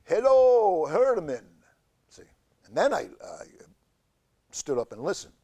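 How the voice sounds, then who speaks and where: Slow gravelly guy doing a deadpan rambling bit on local tv, lots of ums and uhs. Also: mid-range voice. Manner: halting and deadpan, with many fillers. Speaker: show host. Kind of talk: rambling comic monologue. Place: community TV studio.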